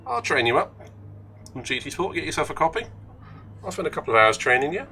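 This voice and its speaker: Chatty English streamer, gravelly bright voice. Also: male voice, fairly high pitch, sing-song, quick pace, a little hiss or hum. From England. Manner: chatty, joking, greets and thanks viewers. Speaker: racing game streamer. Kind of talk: live-stream commentary while racing.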